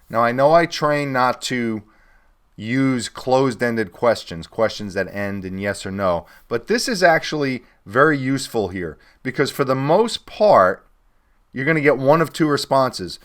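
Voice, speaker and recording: A middle-aged man teaching a recorded sales course, now and then acting out sample phone calls in a brighter voice. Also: mid-range voice, expressive, normal speed. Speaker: sales trainer.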